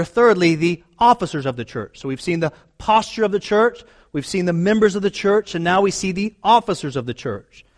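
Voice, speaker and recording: Earnest male pastor preaching. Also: sits high. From United States. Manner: earnest, emphatic preaching with repeated phrases. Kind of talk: sermon.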